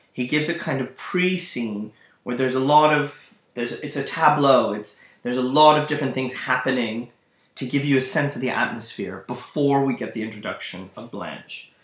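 A male teacher walks his students through a play, thinking aloud and speaking straight to them. His voice is mid-pitched and carries a noticeable room echo. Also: moderate pace, fairly bright tone. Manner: thoughtful, thinking aloud, addresses students directly. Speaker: literature teacher. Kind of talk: explanatory lecture on a play. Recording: echoey room.

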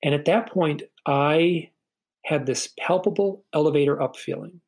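Speaking a little high with a somewhat mellow tone, a middle-aged man on a podcast shares his own story. He's earnest but halting, frequently repeating a word to start sentences, over a low-quality recording.

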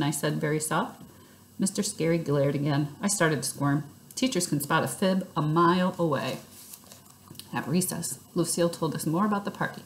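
A woman reading a children's book aloud in lively first-person storytelling. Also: low-pitched, moderate pace, a little hiss or hum.

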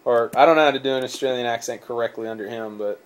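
A man's voice: medium pitch, fast talker. A man hosting a casual sports podcast, rambling with many fillers, swearing and laughing often. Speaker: podcast host. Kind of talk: casual chat.

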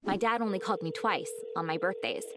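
A woman narrating a skit as a naive, excitable girl, telling her story dramatically. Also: medium pitch, brisk, very noisy, natural voice. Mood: dramatic. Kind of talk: first-person story narration in a skit video.

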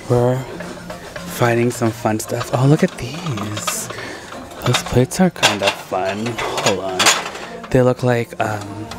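Excitable, chatty man vlogging over music. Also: mid-range voice. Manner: excitable, chatty, heavy use of "like". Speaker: thrift shopping vlogger. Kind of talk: casual vlog chatter. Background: background music.

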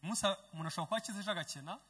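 A male evangelist preaching a sermon in short emphatic bursts, pausing for an interpreter. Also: high voice, fairly bright tone, husky. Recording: long church hall reverb.

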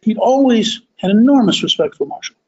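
A man hosting a podcast, telling a history story as a deliberate, emphatic monologue that stretches key words. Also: high voice, expressive, a little mellow, highs cut off. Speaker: podcast host.

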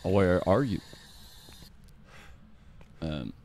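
Slow, animated man streaming a game. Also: low voice, a little hiss or hum. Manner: animated, calling out to the ghost and teammate. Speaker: streamer playing a ghost-hunting game. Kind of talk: casual gameplay chat.

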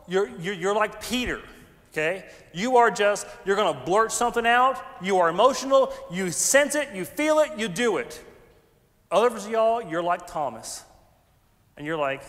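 A man, a pastor preaching a conversational, animated sermon with folksy asides. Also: sits high. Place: large church sanctuary. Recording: long hall reverb.

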